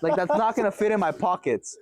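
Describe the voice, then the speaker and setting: A young man casually telling a story on his vlog in an animated way, swearing often and laughing as he goes. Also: sits high, fast, dry recording. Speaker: vlogger.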